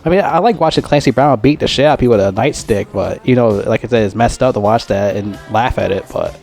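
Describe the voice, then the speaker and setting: A man's voice: medium pitch, fast talker, vocal fry, darkish tone, soft background music. Man giving a profane, rambling film review. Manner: profane, rambling, heavy swearing and fillers.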